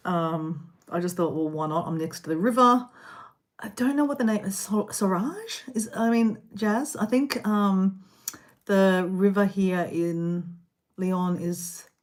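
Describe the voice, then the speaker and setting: A woman's voice: mid-range voice, slow pace, darkish tone. A woman hosting a casual live stream, rambling and chatting while eating snacks indoors. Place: indoor room.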